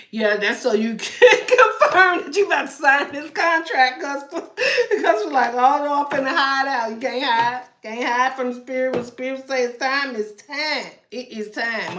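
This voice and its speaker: A woman's voice: fairly high pitch, a bit bright, reverberant, slight background noise. A woman giving a live tarot reading, chatting to her viewers in a loose, joking way and often breaking into laughter. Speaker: tarot reader.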